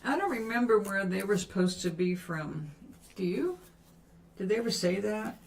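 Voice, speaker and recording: A woman's voice: medium pitch, expressive, normal speed. An older woman chatting casually on a livestream as she paints, musing aloud and answering viewers' questions. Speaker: livestream host. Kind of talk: casual chat while painting.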